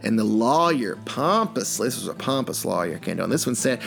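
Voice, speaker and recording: A man's voice: medium pitch, lively intonation, fast, vocal fry, hardly any pauses, faint music behind. A man co-hosting a comedy chat show, telling jokes playfully and chuckling through them. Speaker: co-host.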